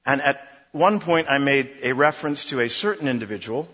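Emphatic preacher in a big echoing hall. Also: male voice, medium pitch, animated, a little fast, a bit bright, husky. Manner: emphatic, repeats key phrases in rhythmic lists. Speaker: pastor. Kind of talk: sermon. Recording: dull lo-fi recording in a reverberant hall.

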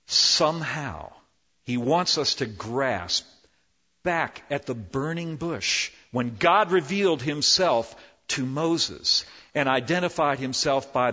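A man preaching a sermon as pastor, animated, swinging between loud emphasis and hushed, slow lines. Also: mid-range voice. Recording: dull lo-fi with long hall reverb.

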